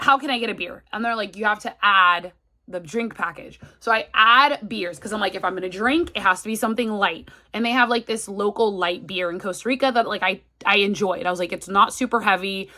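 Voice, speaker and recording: Woman in her 30s, chatty vlogger, bright clear tone, sick and feverish, quotes herself a lot. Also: medium pitch. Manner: chatty, retelling with quoted asides. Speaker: travel vlogger. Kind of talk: casual story time.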